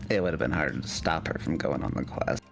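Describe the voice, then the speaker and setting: A man's voice: a bass voice, fast talker, creaky. A man voicing a curt, dry male adventurer in a live fan dub of a visual novel.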